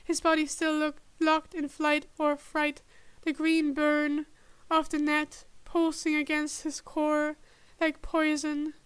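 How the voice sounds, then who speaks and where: Woman reading fanfic out loud, slow and flat, high bright voice. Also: no room sound. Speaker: podfic reader.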